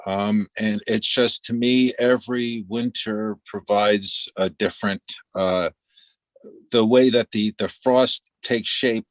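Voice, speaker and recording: Low, dry-voiced male photographer. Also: slow, no room sound. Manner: relaxed, reflective, with little laughs. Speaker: photographer in the exhibition. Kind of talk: casual video-call discussion.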